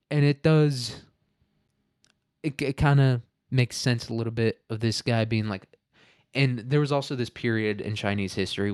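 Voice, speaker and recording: A man's voice: medium pitch, clear, resonant tone, dry recording, clean studio sound. A man hosting a podcast, talking through his topic in a rambling, joking way and swearing freely. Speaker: podcast host. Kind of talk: casual podcast monologue.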